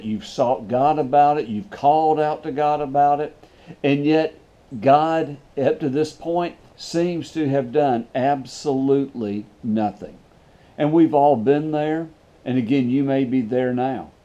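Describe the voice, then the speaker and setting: A man giving a devotional sermon and prayer as a pastor, speaking in an earnest, measured way and repeating phrases for emphasis. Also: mid-range voice, warm tone.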